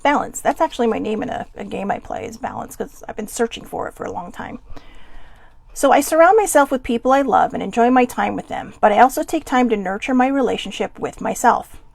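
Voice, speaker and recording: A woman hosting a casual live stream, chatting warmly with viewers and reading their comments, with soft laughs and asides. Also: on the high side, expressive, fairly quick, creaky.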